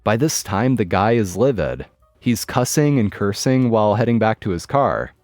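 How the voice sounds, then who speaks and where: A man narrates a first-person story in a wry, matter-of-fact way. His voice is low and recorded close and dry. Faint background music runs under his reading. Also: lively intonation, normal speed, darkish tone, no echo.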